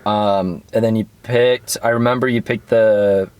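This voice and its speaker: Relaxed man talking football picks. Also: fairly low pitch, a little slow, smooth, dry recording. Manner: relaxed, reads out matchups and makes picks. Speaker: podcast co-host. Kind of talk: casual sports chat.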